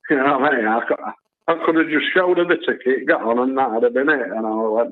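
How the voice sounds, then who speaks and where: A man's voice: medium pitch, quick pace. A man calling in to a talk show, telling a rambling story full of "you know" and "and all that". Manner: chatty, lots of filler tags like "you know" and "and all that". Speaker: phone-in caller. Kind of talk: rambling anecdote on a call-in show. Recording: tinny phone line.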